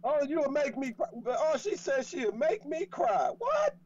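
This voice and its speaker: A man's voice: very high voice, very animated, a little slow, dull audio, a loud crowd. A man co-hosting a radio show, flirting and teasing in playful banter with stammering repeats.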